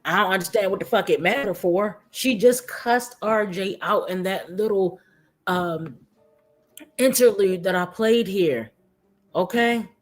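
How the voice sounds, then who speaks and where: A woman's voice: medium pitch, unhurried, soft background music. A woman giving casual commentary to her viewers, chatty and talking straight to them. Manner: chatty, addresses viewers as guys and y'all. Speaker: commentary YouTuber.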